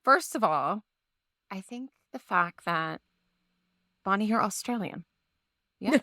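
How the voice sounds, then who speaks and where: A woman's voice: mid-range voice, expressive, takes it slowly, pushed and bright, no room sound, clean studio sound. A woman co-hosting a podcast, talking in a rambling, hedging way in casual chat. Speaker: podcast co-host.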